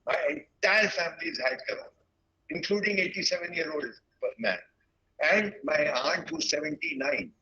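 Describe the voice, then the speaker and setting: A man in his sixties from India, giving an earnest, reflective lecture to teachers and pausing often mid-sentence. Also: a little high, sharp tone, highs cut off. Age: 60s. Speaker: guest speaker at a teachers' webinar. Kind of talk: lecture-style talk.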